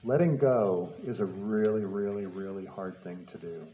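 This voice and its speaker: A man's voice: deep voice, moderate pace, warm tone, reverberant, a little hiss or hum, low-quality recording. A man giving a public talk, telling a personal story with repeated words and light laughter. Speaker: speaker. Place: talk venue.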